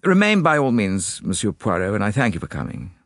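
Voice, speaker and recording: A man voicing a gloomy, fatalistic ailing nobleman who speaks slowly and gravely in an audiobook. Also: on the low side, wildly swooping pitch, a bit bright, no room sound, studio quality, heavily acted. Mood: resigned. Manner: slow, resigned, grave.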